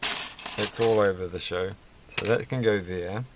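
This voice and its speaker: Lego vlogger man, gravelly low register, musing running commentary while he builds. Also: a little slow, noisy background. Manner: rambling, musing, self-deprecating.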